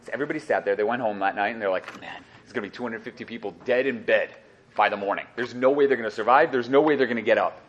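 A man's voice: medium pitch, racing, dull audio, a little hiss or hum. A man teaching a Torah class to listeners, storytelling and joking as he goes and acting out the voices in his stories. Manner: lively storytelling, acts out voices, jokes with listeners.

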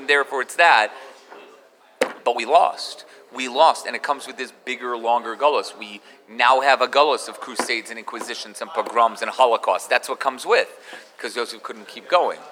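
A man teaching a Torah class in an animated way, mixing in Hebrew terms. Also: medium pitch, big-room sound. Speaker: rabbi giving a Torah class.

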